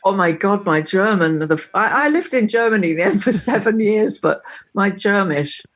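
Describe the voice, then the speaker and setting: Lively woman telling stories. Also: mid-range voice, moderate pace, a little hiss or hum. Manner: lively storyteller, laughs often. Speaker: singer-songwriter guest. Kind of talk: casual interview chat.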